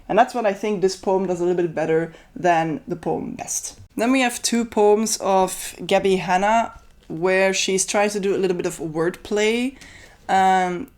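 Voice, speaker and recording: A woman talking to camera in a casual, opinionated review voice, weighing up what works and what falls flat. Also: mid-range voice. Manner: conversational, opinionated, critical. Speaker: book reviewer.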